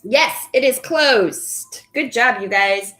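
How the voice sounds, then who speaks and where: Young woman teacher, slow and patient, warm praise for each child, sounding words out for early readers. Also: a little high. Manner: slow and deliberate when spelling out words. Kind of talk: live online phonics lesson.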